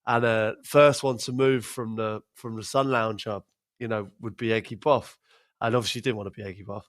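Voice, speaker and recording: A man's voice: on the low side, fairly even intonation, a little fast. A man casually telling a funny story on a podcast, laughing often and repeating words as he goes. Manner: laughs through his stories, repeats words, acts out quotes. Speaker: podcast host, former footballer.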